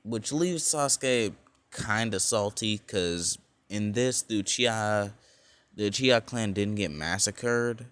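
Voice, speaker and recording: A man's voice: on the low side, slow pace, a bit bright, clear, resonant tone. A young man casually telling a fan-made alternate story, rambling along with lots of fillers and frequent self-corrections.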